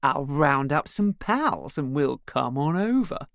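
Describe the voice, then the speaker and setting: A woman's voice: deep voice, very animated, slow, no echo, clean studio sound, heavily acted. A woman voicing a cheeky, hungover young man who mocks everyone with slurred, jeering mimicry, in a storybook reading. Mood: mocking.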